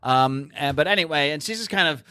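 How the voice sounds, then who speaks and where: A podcast host recaps a comic book issue in casual chat, animated and full of fillers and restarts. His fairly high voice is brisk, bright and forceful, recorded at studio quality with no room sound.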